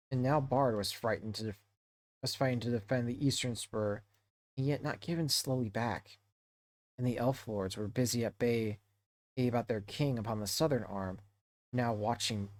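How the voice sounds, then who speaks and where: A man's voice: medium pitch, a little mellow. A man with a mid-range voice reads a novel aloud to his stream's book club. He stumbles and corrects himself often as he goes, and the close recording has no room echo. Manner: halting read-aloud with frequent self-corrections.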